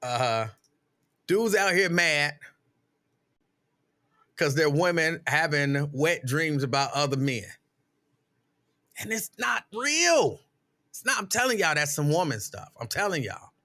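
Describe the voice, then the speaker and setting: A man's voice: fairly high pitch, slow pace, pauses often. A middle-aged man hosting a casual live stream, telling stories with mock outrage and reading viewer comments aloud. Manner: animated, exasperated storytelling with mock outrage.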